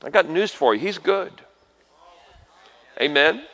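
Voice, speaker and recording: A man with a drawl preaches in a large church hall, his bright, ringing voice swooping from hushed asides to shouted exhortations. He jokes, calls out to the congregation and waits on their answers, and a long reverb trails each phrase. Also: on the high side, unhurried. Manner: animated, swings from quiet asides to shouted exhortations; folksy, jokey asides and call-and-response with the congregation. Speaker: guest preacher. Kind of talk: sermon.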